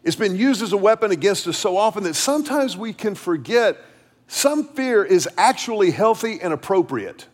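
A middle-aged man preaching a sermon as pastor, repeating words as he restarts and dropping low and quiet when he tells a story. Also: sing-song, moderate pace. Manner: storytelling, drops low and quiet for quoted lines.

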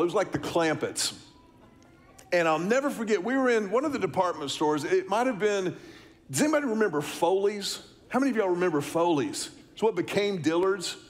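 A middle-aged man, preaching a sermon, telling a story and asking the congregation questions. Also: sits high. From Texas, US. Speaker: pastor.

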